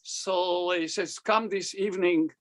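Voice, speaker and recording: An older man speaks in an interview, sharing anecdotes from his years as a cantor. His voice sits a little high, and he slips into the voices of the people he quotes as he tells each story. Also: unhurried. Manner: animated, acts out quoted dialogue.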